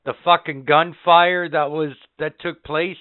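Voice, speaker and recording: A man hosting a casual podcast, counting down favorite moments with excited, profane storytelling. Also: on the high side, measured pace, smooth. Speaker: podcast host. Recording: phone-like narrow band.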